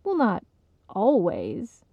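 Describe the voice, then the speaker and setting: A woman's voice: medium pitch, wildly swooping pitch, drawn-out words, slightly rough, no echo, phone-quality sound, heavily acted. Woman voicing a patient, teasing young woman. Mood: correcting. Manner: gently correcting, amused.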